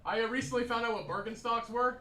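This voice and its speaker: A man's voice: extremely high pitch, fast, heavy background noise. A man with an Indiana accent doing a crude, rambling stand-up set full of fillers in a small comedy club. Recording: roomy club sound from a distant mic.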